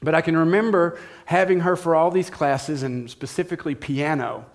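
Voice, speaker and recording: Male pastor, middle-aged, chatty sermon storyteller, a little high. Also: normal speed. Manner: conversational storytelling, addresses listeners directly.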